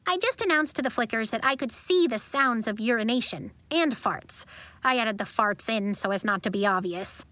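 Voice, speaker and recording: A woman reading the lines of an odd, earnest schoolboy who speaks in a deadpan, matter-of-fact way. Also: a little high, moderate pace, no room sound.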